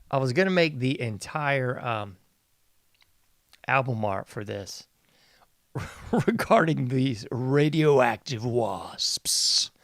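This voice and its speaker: A man's voice: fairly high pitch, dry recording, clean studio sound. A man hosting a casual news commentary show, mocking and sarcastic, laughing often. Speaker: podcast host.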